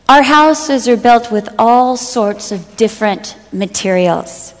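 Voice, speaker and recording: A woman's voice: on the high side, animated, takes it slowly, few pauses. A middle-aged woman giving a sermon, telling personal stories and acting out what friends said with humor. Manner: storytelling, acts out quoted friends with humor. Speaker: speaker giving a talk to women. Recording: long hall reverb.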